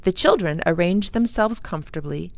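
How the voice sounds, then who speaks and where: A woman who works as a children's librarian reading a chapter book aloud for kids. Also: lowish voice. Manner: slow, expressive. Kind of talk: storybook read-aloud for children.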